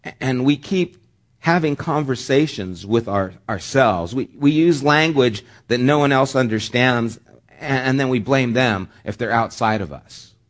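A man's voice: medium pitch, measured pace. A man preaching a sermon as pastor, talking in a conversational way with joking asides.

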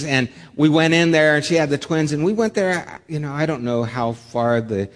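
A man preaching a sermon, telling a lively personal story with humor, then dropping soft and low for solemn points. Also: moderate pace, in a large hall. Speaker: pastor.

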